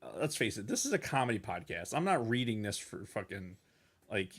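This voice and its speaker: A man co-hosting a comedy podcast in casual chat, animated and emphatic, swearing often. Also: fairly low pitch, brisk, husky. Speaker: podcast co-host.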